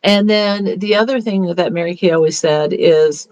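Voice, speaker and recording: A woman's voice: fairly low pitch, normal speed, darkish tone, dull audio. A woman beauty consultant giving a casual motivational talk in a chatty, upbeat way, with rambling restarts. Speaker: beauty consultant leading a meeting.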